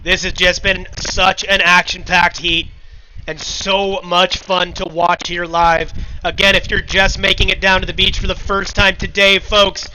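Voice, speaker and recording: A man commentating a live surf contest, excitable and chatty, talking to the crowd on the beach. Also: sits high, measured pace, slight background noise, low-quality recording.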